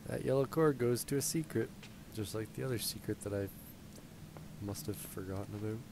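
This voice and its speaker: Man, let's play commentary, slightly low voice, thinks aloud, talks to the characters, headset mic, clear background noise. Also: brisk. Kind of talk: casual gameplay commentary. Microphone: gaming headset.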